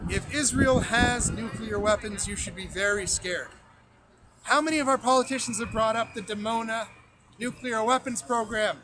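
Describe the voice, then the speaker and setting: A man giving a loud, emphatic political speech outdoors on a street, his voice strained. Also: very high voice, normal speed. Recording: crowd noise behind an outdoor stream.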